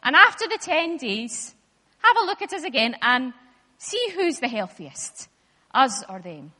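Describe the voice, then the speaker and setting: A respectful young man calmly proposes a test, polite but not backing down, voiced by a woman telling a Bible story. The voice is high and bright. A long reverb from the hall trails behind it. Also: unhurried, exaggerated voice. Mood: persuasive. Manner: polite, firm. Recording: echoey hall.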